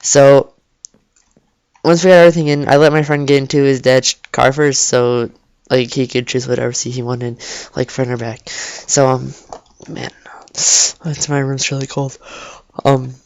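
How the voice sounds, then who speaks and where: A man's voice: medium pitch, flat delivery, a little slow, long pauses, smooth. A teenage boy telling a story in a rambling, casual way, full of restarts and "like", in his bedroom. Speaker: vlogger. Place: cold bedroom.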